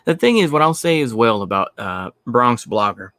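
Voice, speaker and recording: Man, stream host, mid-pitched, blunt and profane, repeats himself, dry sound. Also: animated, normal speed, a bit bright, no room sound. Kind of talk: ranting commentary.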